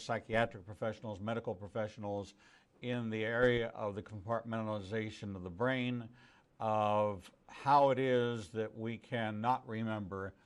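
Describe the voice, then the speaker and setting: A male host with a fairly low voice steps in to steer the interview. He chooses his words with care, pausing on small fillers as he lays out his points. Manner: deliberate, careful, with hesitant fillers. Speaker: rabbi and talk show host. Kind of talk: interview talk show.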